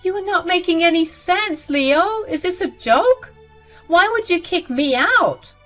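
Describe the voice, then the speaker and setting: A woman voicing a scheming, spiteful mother-in-law who talks in a shrill, indignant way. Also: sing-song, moderate pace, fairly bright tone, faint music behind. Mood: shrill disbelief.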